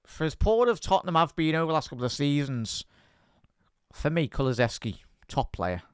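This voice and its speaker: A man hosting a live football watch-along, giving chatty fan commentary, answering viewer chat and shouting out at big moments. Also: on the high side, sing-song, a little fast, clean tone, no echo, studio quality.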